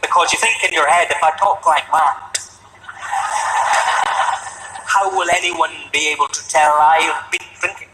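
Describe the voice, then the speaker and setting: A Scottish man performs a stand-up set with dry, deadpan storytelling. His voice sits slightly high for a man. The sound comes from a distance through an echoey room, with music in the background. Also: measured pace, long pauses. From Scotland. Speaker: stand-up comedian. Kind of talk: stand-up routine.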